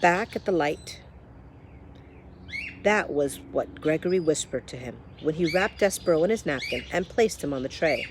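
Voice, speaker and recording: A woman reading a children's novel aloud in a lively storytelling manner, speaking to the listener. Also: deep voice, normal speed, background noise. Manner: lively storytelling, addresses the reader. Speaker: reader.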